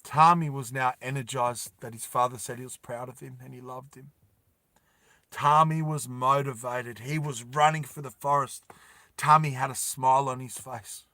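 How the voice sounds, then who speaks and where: A man narrating a story dramatically, repeating lines and dropping soft for emotional moments. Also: medium pitch, fairly even intonation, moderate pace, no room sound, clean studio sound.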